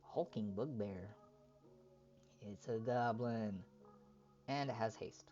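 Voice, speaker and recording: A man's voice: lowish voice, slow, highs cut off, soft background music. A man on a live stream, chatting casually and reading card text aloud as he opens packs. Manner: reads card text aloud in a relaxed running commentary.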